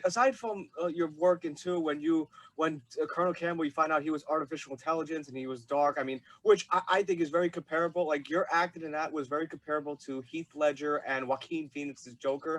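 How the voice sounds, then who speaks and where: A man's voice: a little high, rough recording. A young man hosting an interview, asking questions in an eager, fan-like way full of "like" and "uh". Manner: eager, fan-like, many fillers. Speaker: podcast host. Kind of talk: casual interview chat.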